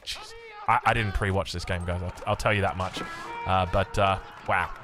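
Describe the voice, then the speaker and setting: A man's voice: low voice, moderate pace, over music. An Australian man giving casual strategy game commentary, joking and poking fun at himself between plays. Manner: animated, joking, self-mocking asides. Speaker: game caster.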